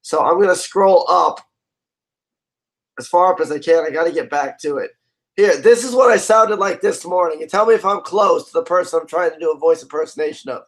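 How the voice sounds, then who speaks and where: Hoarse man reading chat aloud. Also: a little high, fairly quick, poor audio. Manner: reads chat comments aloud, joking. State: hoarse, voice partly gone. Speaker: live stream host. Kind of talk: casual live stream chat.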